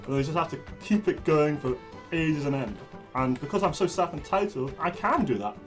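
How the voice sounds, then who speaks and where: A man rambling through a comic self-pitch in a party game, with lots of restarts. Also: lively intonation, normal speed, soft background music. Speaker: player. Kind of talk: casual game chat.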